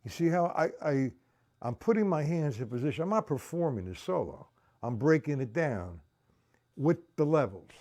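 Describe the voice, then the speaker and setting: Breaking a drum part down step by step, a man teaching on a livestream counts each beat out loud and keeps bluntly asking if viewers are following. He talks at a normal speed with lively pitch variation.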